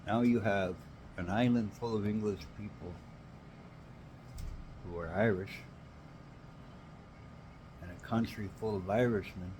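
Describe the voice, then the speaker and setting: A man's voice: lowish voice, steady tone, measured pace, pauses often, noisy background. A Canadian man ranting in an angry, emphatic monologue, swearing now and then.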